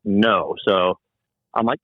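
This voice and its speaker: A man from New Jersey and New York City, a guest musician telling animated stories in casual chat and swearing freely. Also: lowish voice, slow, no echo, narrow, tinny audio. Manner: animated storyteller, acts out quoted voices, swears freely.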